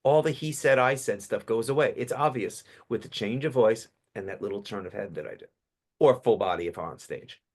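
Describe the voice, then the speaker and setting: Lively man with a low voice. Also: fairly quick, slightly rough. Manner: animated storyteller, acts out voices. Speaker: public speaking coach, guest. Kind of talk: casual podcast interview.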